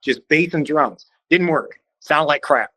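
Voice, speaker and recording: A man from Cleveland talks as a podcast guest, casual and animated. He acts out what others said in quick put-on voices and swears easily. His voice is bright, a bit tense and set slightly high, recorded close and dry. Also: no echo, rough recording. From Cleveland, Ohio. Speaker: podcast guest, band vocalist. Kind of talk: casual storytelling in conversation.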